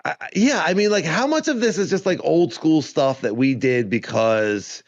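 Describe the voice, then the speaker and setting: A man's voice: a little high, animated, normal speed, dry recording, dull audio. A man co-hosting a podcast in casual chat, rambling and joking with frequent laughs. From Arizona. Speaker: podcast co-host.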